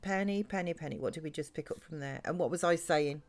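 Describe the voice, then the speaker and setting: Female streamer, low-pitched, scattered chatty gameplay talk with viewers. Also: fast talker. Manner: chatty, rambling, talks to chat and game characters. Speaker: live streamer. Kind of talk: live-stream gameplay chat.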